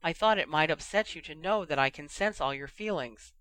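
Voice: medium pitch, a little fast, fairly bright tone, dry recording, natural voice. A reader voicing Ginny, an earnest and blunt young woman who pleads directly. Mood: pleading.

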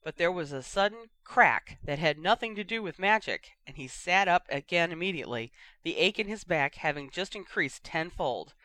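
A reader tells a story in an even, measured way, with a bright, clear tone. The recording is dry and close, with no room sound. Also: medium pitch, dry recording. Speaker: audiobook reader. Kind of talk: audiobook narration.

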